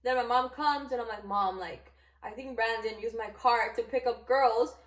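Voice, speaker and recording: A young woman vlogger telling a storytime in a chatty, animated way, filling her talk with "like". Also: fairly high pitch, moderate pace, roomy sound. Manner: chatty, animated, heavy use of "like". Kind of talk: casual storytime.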